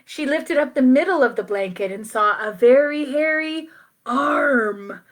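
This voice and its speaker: A woman reading a children's picture book aloud, playful and expressive, with asides to her young listeners. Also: sits high, a little slow. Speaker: children's story reader.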